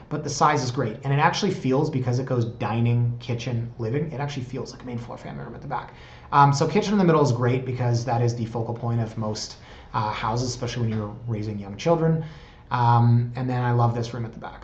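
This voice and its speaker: A man's voice: mid-range voice, a little hiss or hum. Man, 30s, casual realtor vlog, chatty, enthusiastic, echoey room, slightly muffled sound. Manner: chatty and enthusiastic, tags lines with "right?". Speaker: real estate agent vlogger. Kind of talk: casual commentary on house listings. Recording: roomy, slightly dull recording.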